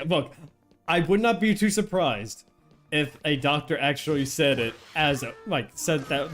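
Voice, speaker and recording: A man casually chatting while streaming a game, rambling, restarting his sentences and laughing often. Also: on the high side. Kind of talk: casual gameplay chat.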